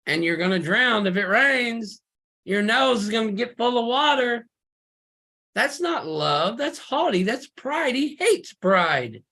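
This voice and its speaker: A man preaching a fiery, emphatic sermon over a video call, full of rhetorical questions and sudden loud bursts. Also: very high-pitched, lively intonation, slow.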